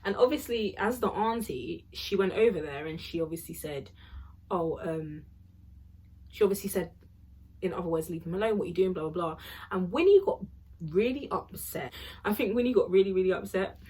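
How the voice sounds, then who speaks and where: A young woman rambles through a storytime vlog, her voice husky and set a little low. She piles up fillers and asides as she goes. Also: normal speed, a little mellow. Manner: chatty, rambling, full of fillers and laughs. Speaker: vlogger.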